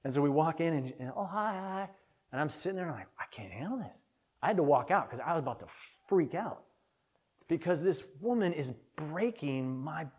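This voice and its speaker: A man's voice: high-pitched, darkish tone. Earnest man preaching a conversational sermon. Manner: earnest, candid storytelling that swells with feeling. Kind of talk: conversational sermon with personal story.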